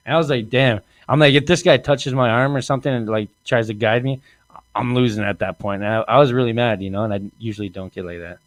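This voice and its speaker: A man in his thirties hosting a comedy podcast, telling a story in an animated way, acting out quotes and laughing often. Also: medium pitch, fast talker, no room sound. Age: 30s. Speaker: podcast host.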